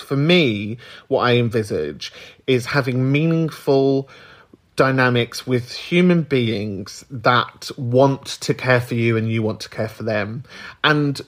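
A man from the UK hosting a podcast in casual, candid chat, reflective and swearing freely. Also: mid-range voice. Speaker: podcast host.

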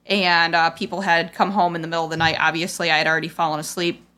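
Speaking fast in a lowish, level voice that is bright and forceful, a woman podcast host revisits a painful family memory. She rambles casually, quoting herself and others with plenty of "like," and sounds raw and frustrated.

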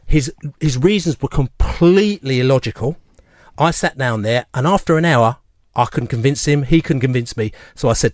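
A man chats in a studio and wanders through a long anecdote, restarting his sentences as he goes. His voice sits at a middle pitch and sounds dry and close to the mic. He acts out the other people in his story as he tells it. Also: normal speed, no room sound. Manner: rambling, animated, acts out quoted voices. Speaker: fan show regular. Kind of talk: casual radio chat, storytelling. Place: radio studio. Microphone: studio microphone.

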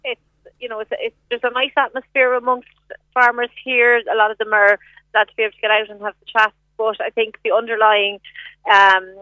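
A woman's voice: a little high, flat delivery, fairly quick, no echo, phone-quality sound. A woman with an Irish accent giving a live field report in a conversational, slightly hesitant way with fillers. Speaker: news reporter.

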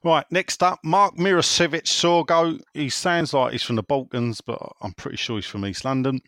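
A man's voice: a little high, normal speed, a bit bright, no echo. A man hosting a casual football chat show, reading out listener messages with wry, teasing asides and frequent self-interruptions. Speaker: football phone-in host.

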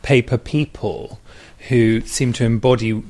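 A man's voice: mid-range voice, fairly even intonation, unhurried, a little mellow. A man hosting a casual conversation, thoughtful and asking questions.

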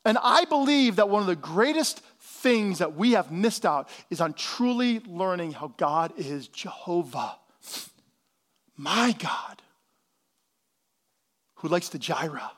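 A man's voice: high voice, big pitch swings, unhurried, few pauses. A male pastor giving a sermon in a casual, conversational way, with slangy asides.

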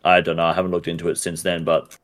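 A man's voice: low-pitched, monotone, fast talker, fairly bright tone. A man with an Australian accent, a guest on a gaming podcast, chatting casually and ranting bluntly with lots of swearing. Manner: blunt, heavily profane, ranting. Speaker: podcast guest, game streamer.

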